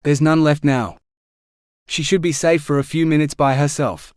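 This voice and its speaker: A man voicing an impatient male teammate speaking over a radio earpiece in an audiobook, brisk and complaining. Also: fairly high pitch, fairly even intonation, darkish tone, smooth, dry recording, studio quality, natural voice.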